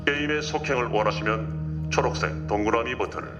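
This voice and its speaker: An actor playing an impersonal male announcer who runs deadly games, speaking in a formal, measured way over tense drama music. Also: fairly low pitch, muffled recording, lightly acted. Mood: cold formal. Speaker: game announcer over loudspeaker.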